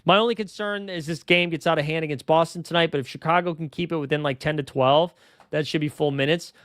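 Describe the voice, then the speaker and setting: A man hosting a casual livestream, his voice a touch high and very smooth and clear. He talks in a quick, chatty way, reading off names and numbers. The sound is dry and close. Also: fairly even intonation, a bit bright, dry recording. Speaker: fantasy basketball show host.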